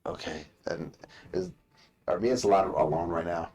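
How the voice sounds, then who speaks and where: A man's voice: sits low, lively intonation, moderate pace, creaky, darkish tone, a little hiss or hum. A man playing a tabletop role-playing game, speaking hesitantly with many fillers. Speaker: player.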